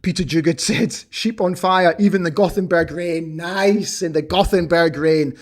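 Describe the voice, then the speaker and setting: A man's voice: on the high side, moderate pace. A middle-aged man hosting a football watch-along, commentating live and cheering on his team. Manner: excitable, shouts and cheers at big moments. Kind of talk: live match commentary and chat.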